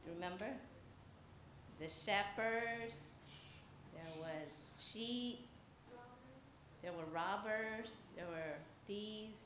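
Very slowly and with frequent pauses, a woman tells a story as the children's message at church, adding chatty asides, laughing often and questioning the audience. Her voice is medium-pitched and a bit bright, with slight background noise in the echoey church hall's faint ambience.

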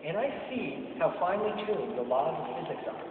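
A man putting on an earnest woman physicist, lifted higher voice, lively lilt, echoing hall from far off, tinny phone-like sound. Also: brisk, slight background noise. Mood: wistful. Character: earnest female physicist, thoughtful and candid. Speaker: astrophysicist.

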